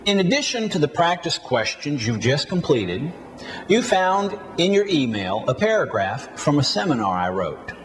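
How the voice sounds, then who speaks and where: Guy teaching english pronunciation, slow careful drills, pitch bouncing around a lot. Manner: slow, deliberate model readings with drills. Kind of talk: recorded spoken-English lesson.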